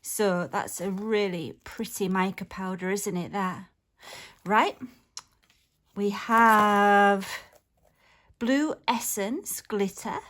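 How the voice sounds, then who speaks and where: A woman's voice: medium pitch, slow pace, pauses often, a bit bright. A woman chatting casually to camera as she unboxes a parcel at home, gushing and laughing now and then, filmed on her phone. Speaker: craft vlogger.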